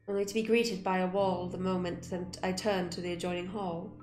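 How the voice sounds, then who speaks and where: A woman's voice: lowish voice, fairly quick, hardly any pauses. Woman reading a game aloud, roomy sound. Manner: expressive reading with swearing asides. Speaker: gamer. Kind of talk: reading a visual novel aloud. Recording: roomy room with music behind.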